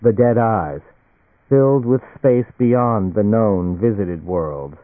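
A man with a fairly low voice reads a novel aloud, measured and even, keeping the characters' lines quiet. The sound is thin and phone-like, with a dry, close feel and no room around it. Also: dry recording. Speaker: audiobook narrator. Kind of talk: scripted narration. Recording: tinny phone-like audio.

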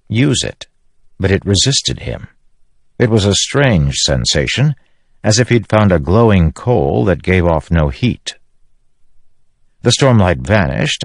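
Male audiobook narrator, very low voice, dry studio read. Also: dry recording. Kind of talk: scripted narration.

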